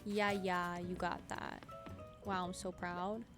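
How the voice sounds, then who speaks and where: A woman's voice: lowish voice, level tone, slow. A woman streaming a video game, chatting casually with her viewers in a playful, teasing way. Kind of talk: casual gameplay livestream chat. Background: game music.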